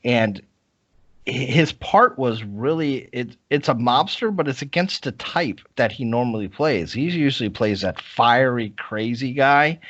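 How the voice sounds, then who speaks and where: A man's voice: medium pitch, expressive, measured pace, a bit bright, no echo. A man co-hosting a casual film-review podcast, teasing his co-host and giving blunt opinions. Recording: dull, dry podcast recording.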